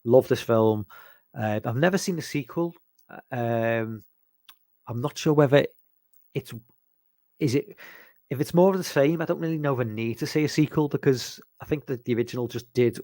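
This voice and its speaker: A man's voice: medium pitch, normal speed, pauses often, dark tone, no echo. A man from England chatting casually about horror films, rambling and hesitant, with lots of ums and restarts. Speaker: podcast host.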